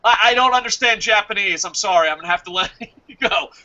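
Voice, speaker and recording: A man's voice: high voice, quick pace. A man co-hosting a casual wrestling podcast, ranting with lots of swearing. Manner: profane, ranting, animated. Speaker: podcast co-host. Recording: dull lo-fi audio.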